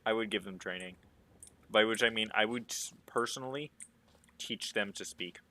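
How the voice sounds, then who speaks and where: A man's voice: on the low side, normal speed, pushed and bright. A man chatting casually while playing a game, rambling through jokingly provocative opinions. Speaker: gaming streamer. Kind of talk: casual gameplay commentary.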